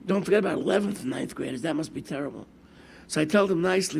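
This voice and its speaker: A man's voice: a little high, racing, gravelly, husky. An older man, a rabbi telling stories in a sermon and acting out the people in them. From United States. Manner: storytelling with lively quoted asides, mixing Hebrew and Yiddish terms. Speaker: rabbi giving a Torah class.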